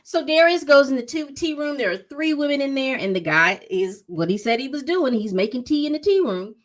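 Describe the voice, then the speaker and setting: Lady chatting through a tv recap, lively up and down voice, kinda high. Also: fairly quick. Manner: animated storytelling, acts out quotes. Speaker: TV recap vlogger. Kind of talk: casual episode recap.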